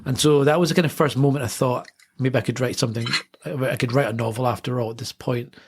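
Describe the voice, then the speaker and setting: A man's voice: medium pitch, fast talker, noisy background. A man in his thirties, an author telling stories in a casual interview, rambling and correcting himself as he goes. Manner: rambling, self-correcting, animated anecdotes. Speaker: author, podcast guest.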